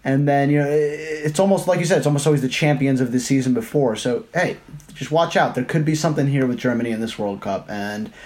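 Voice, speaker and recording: Mid-pitched male co-host, animated and chatty, casual football podcast. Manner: animated, quick to correct pronunciation. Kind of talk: casual sports chat.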